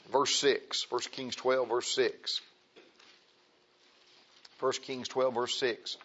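A man of middle pitch delivers a conversational sermon to a congregation in a church, reading scripture aloud and repeating key phrases for emphasis. The recording is slightly muffled and dull. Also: level tone, extremely slow, pauses often, pushed and bright. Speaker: preacher.

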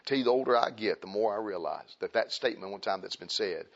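A man preaching a conversational sermon, repeating phrases for emphasis and swinging between loud raised points and quiet, low asides. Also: quick pace, vocal fry. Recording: dull lo-fi recording.

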